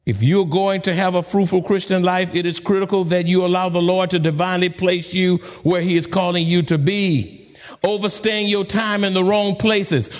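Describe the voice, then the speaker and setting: A man as a pastor preaching a sermon, dramatic, swooping from soft to high.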